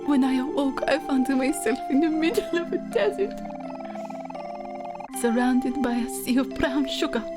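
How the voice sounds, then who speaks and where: A woman's voice: very high-pitched, flat delivery, slow pace. Woman hamming up a pompous lonely alien artist. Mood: dramatic. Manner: theatrical put-on French-ish accent, drifting. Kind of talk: reading game dialogue aloud. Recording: game music playing underneath. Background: game music.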